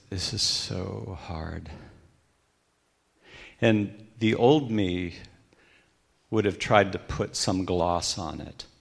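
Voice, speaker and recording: A middle-aged man speaks in a low register with a gravelly edge. He tells a personal story as a guest speaker. His delivery is reflective, and his voice grows hushed when he repeats what others said. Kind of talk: personal testimony talk.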